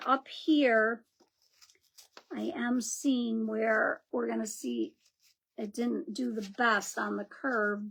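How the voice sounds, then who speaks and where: A woman's voice: fairly high pitch, vocal fry, a bit bright. A woman hosting a live crafting demo, chatting and greeting viewers by name as she works. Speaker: craft livestream host.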